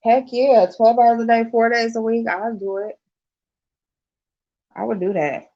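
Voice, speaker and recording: A woman's voice: on the high side, measured pace. Chatty swearing woman, dull lo-fi sound. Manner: loud and expressive, laughs a lot, swears casually. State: yawning, tired. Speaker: vlogger. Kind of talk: casual chat to viewers.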